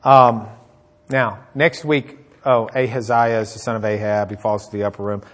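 A man preaching a sermon, retelling a Bible story in a lively way and acting out the characters' lines. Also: fairly low pitch, normal speed.

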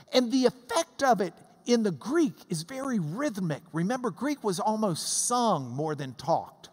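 A Bible study teacher giving a lively classroom lesson, chanting out rhythms to make a point. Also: mid-range voice, measured pace, few pauses. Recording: long reverb in a hall.

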